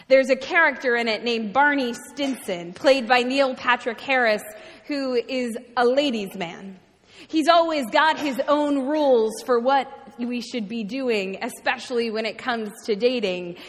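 A woman preaching a sermon, telling a story expressively with dramatic pauses and repetition. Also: high-pitched, a bit bright. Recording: long reverb from a large hall.

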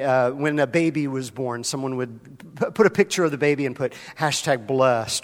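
A man preaching a sermon as pastor, talking casually and addressing members of the congregation by name. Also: mid-range voice. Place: church sanctuary. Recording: long hall reverb.

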